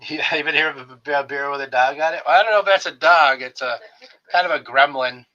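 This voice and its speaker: A man's voice: a little high, quick pace, bright, forceful tone. A man hosting his own live stream, chatting casually and greeting viewers by name with friendly jokes. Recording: slightly dull lo-fi stream audio.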